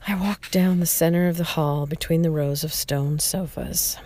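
A narrator reading a memoir aloud in a slow, reflective way, often stumbling and restarting words. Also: medium pitch, steady tone, dark tone.

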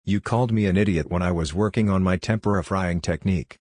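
A man's voice: low voice, fast talker, darkish tone, no room sound, studio quality. A man voicing a flustered, defensive young male kitchen dishwasher in a story reading.

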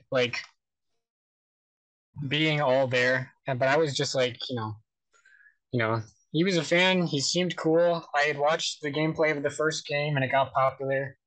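A man speaking casually as a podcast guest, in an easygoing, halting way with frequent restarts. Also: medium pitch, a bit bright, low-quality recording.

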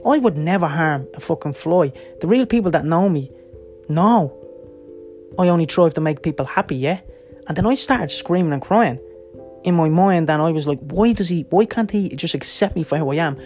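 A man's voice: fairly high pitch, lively intonation, a little mellow, muffled recording. A middle-aged man, telling blunt personal stories with heavy swearing, checking in with "right?" as he rambles. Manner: rapid, rambling, seeks agreement with "right?" and "yeah?". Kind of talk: personal storytelling monologue. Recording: faint music behind.

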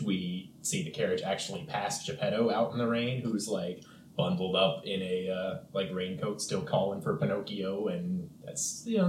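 A man co-hosting a casual film podcast, talking in a relaxed, chatty way and briefly acting out characters' lines. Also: low-pitched. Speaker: podcast co-host. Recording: roomy sound with faint background hiss.

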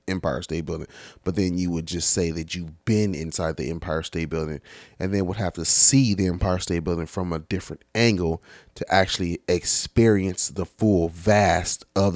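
A young man from California casually telling a story, animated and laughing, heavy on slang and swearing. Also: sits low, moderate pace, no room sound, clean studio sound. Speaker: vlogger.

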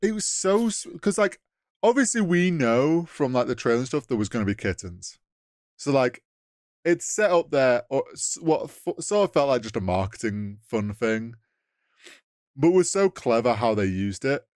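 A man's voice: medium pitch, sing-song, moderate pace, darkish tone, dry recording, clean studio sound. A man co-hosting a podcast, casually retelling film scenes with acted-out lines and laughs. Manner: rambling, acts out scenes with quoted lines, laughs often. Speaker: podcast co-host. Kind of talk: casual film review chat.

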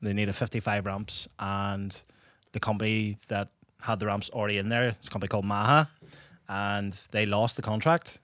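Low-voiced man explaining. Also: steady tone, normal speed, a bit bright, no room sound, studio quality. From Northern Ireland. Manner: explains at length, says "aye". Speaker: podcast co-host. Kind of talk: casual chat.

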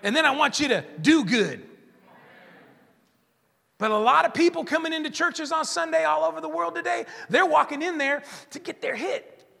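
Gravelly high-voiced pastor preaching. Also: male voice, moderate pace. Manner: animated, joking, acts out churchgoers' voices. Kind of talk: sermon. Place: church hall. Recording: long church reverb.

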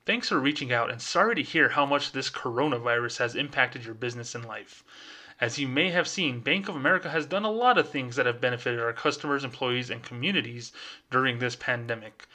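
Guy doing his fake professional banker voice, formal and smooth, kinda bright. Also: mid-range voice, brisk. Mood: formal, measured. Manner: polished, formal professional phone voice. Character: smooth corporate bank executive reading a letter.

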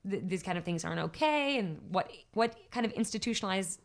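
A woman's voice: mid-range voice, animated, quick pace, vocal fry. A woman speaking as a podcast guest, chatting with enthusiasm and reciting her spoken word poetry with rhythmic emphasis. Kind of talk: casual chat and spoken word poetry reading.

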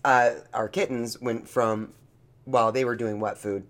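A podcast co-host in casual chat, playful and animated, teasing their partner. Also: mid-range voice, measured pace.

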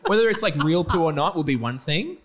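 A man's voice: on the high side, lively intonation, quick pace. A man co-hosting a podcast, reading a story aloud in casual chat and joking as he stumbles over odd spellings. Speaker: podcast co-host.

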